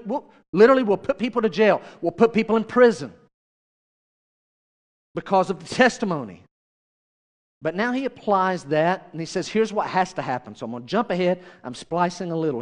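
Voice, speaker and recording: A man's voice: sits high, animated, fairly quick, in a large hall. A male pastor preaching a sermon, chatty and direct, often turning to the congregation with questions.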